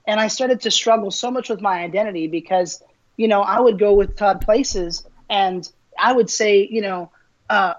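Animated storytelling man, dull lo-fi sound. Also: high-pitched, normal speed. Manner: animated, acts out quoted voices, laughs often. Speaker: interview guest, minister. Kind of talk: casual storytelling interview.

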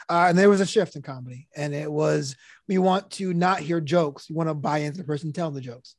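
A man with a notably high speaking voice talks casually on a podcast, laughing often and dropping into little put-on voices for a joke. The sound is dry and close, with no room around it. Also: a little fast, no echo. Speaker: podcast co-host and comedian.

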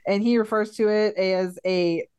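Woman, podcast guest, mid pitch, dry close sound, excitable and sweary. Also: measured pace, clear, resonant tone, no echo. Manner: enthusiastic, swears, laughs often. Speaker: podcast guest, film co-host. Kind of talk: casual film chat.

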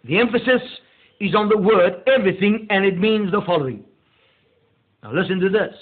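A male pastor delivering a meditative sermon, slow and deliberate, leaning hard on key words. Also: sits high, lively intonation. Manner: slow, deliberate preaching with drawn-out emphasis. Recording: tinny phone-like audio.

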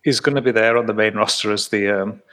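A man's voice: on the low side, fairly even intonation, fast, a bit bright. A man co-hosting a podcast, rambling through casual chat with many restarts. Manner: rambling, many restarts, laughs while talking. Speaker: podcast co-host.

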